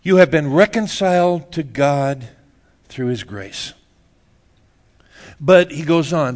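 A man's voice: medium pitch, very animated, a little slow, pauses often, a little mellow. Middle aged pastor guy preaching loose and jokey, keeps saying man, laughs a lot. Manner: laughing, joking, says "man" often. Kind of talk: casual sermon.

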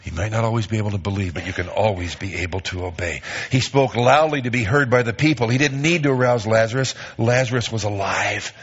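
Husky-voiced man preaching a sermon. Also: fairly low pitch, fast talker, hardly any pauses, highs cut off. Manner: lively preaching, reads scripture with emphasis. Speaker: pastor.

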